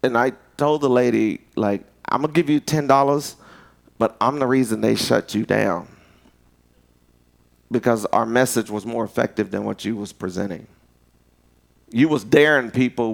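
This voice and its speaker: A man preaching a sermon in an animated, storytelling way, jumping up in pitch when he acts out quoted voices, speaking. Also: measured pace, gravelly, pauses often.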